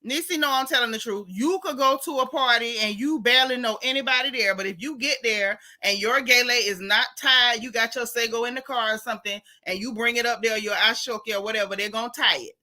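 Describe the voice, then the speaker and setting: A woman's voice: on the high side, fairly quick, hardly any pauses, sharp tone. A woman from Florida with a Florida accent, hosting a live-stream and reading out chat comments in a sassy, blunt way, repeating her punchlines.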